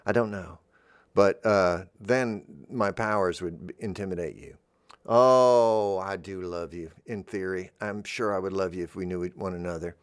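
A radio host with a fairly low voice talks into a studio microphone. He rambles gently from thought to thought in an easygoing freeform monologue. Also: a little slow, smooth, no echo.

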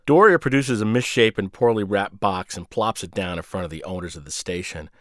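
Man, storyteller, sardonic, lowish voice, lively pitch, dry close sound. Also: brisk, no room sound. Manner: sardonic, biting. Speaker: narrator. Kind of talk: first-person story narration.

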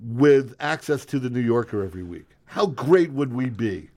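A man's voice: mid-range voice, normal speed. Wry, teasing male radio co-host. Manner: wry, teasing, deadpan jokes. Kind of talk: joking radio banter.

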